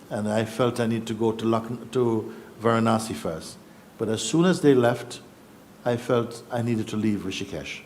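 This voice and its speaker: A man, a spiritual teacher telling his own story in a reflective, unhurried way with pauses and restarts. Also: fairly low pitch, darkish tone, slight background noise. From Jamaica. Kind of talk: personal storytelling.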